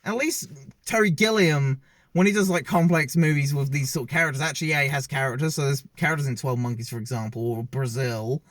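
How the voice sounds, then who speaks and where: A man's voice: mid-range voice, steady tone, a little fast, a bit bright, no echo. A man giving a casual, opinionated film review, rambling and often correcting himself mid-sentence as he films himself. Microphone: self-filmed camera.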